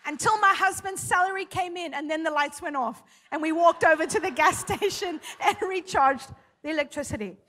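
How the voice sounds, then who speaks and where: Fervent woman preacher, high bright voice. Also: animated, normal speed, some chatter behind. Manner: fervent, emphatic preaching with storytelling. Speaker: pastor. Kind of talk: sermon. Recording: long hall reverb.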